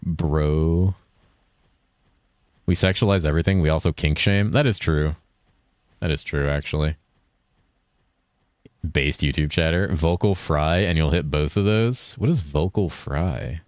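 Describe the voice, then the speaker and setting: A man's voice: a bass voice, unhurried, long pauses, clear, resonant tone, dry recording, studio quality. A man in his thirties chatting casually on a game stream, rambling and reacting to chat messages. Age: 30s.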